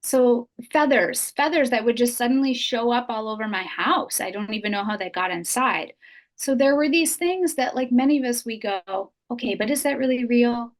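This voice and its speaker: A woman's voice: fairly high pitch, normal speed. A middle-aged woman, a podcast guest, telling an emotional personal story in an earnest, heartfelt way and repeating phrases for emphasis.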